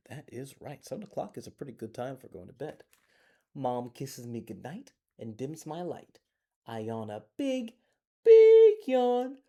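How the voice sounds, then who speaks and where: A man reading a bedtime picture book aloud to children in a gentle, playful storyteller voice, recorded on a phone in a closed library. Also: mid-range voice.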